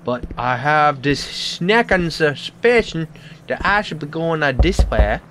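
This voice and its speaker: A man's voice: a little high, sing-song, measured pace, fairly bright tone, slight background noise. A man hosting a horror game let's play, talking in a playful way with silly made-up words.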